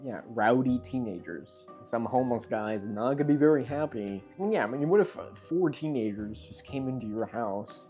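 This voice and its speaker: Lively casual male reaction host. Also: medium pitch, a little fast, hardly any pauses, soft background music. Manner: rambling, self-interrupting, animated.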